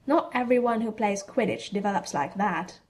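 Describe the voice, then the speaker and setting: A woman's voice: mid-range voice, normal speed, natural voice. A woman voicing a flustered, evasive teenage boy wizard in a storybook reading, with a hesitant, defensive manner.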